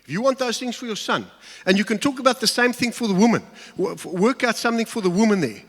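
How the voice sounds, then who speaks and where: A man giving a sermon on family and marriage who speaks candidly, halting and emotional when he tells personal stories. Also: high voice, fairly bright tone. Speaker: pastor. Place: large church hall. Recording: long hall reverb.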